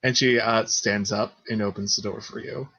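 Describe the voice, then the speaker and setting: A man's voice: lowish voice, fairly even intonation, moderate pace, pushed and bright, slightly rough, no room sound, rough recording. A man narrating a tabletop game as game master, hesitant and full of fillers. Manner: hesitant, many fillers and restarts.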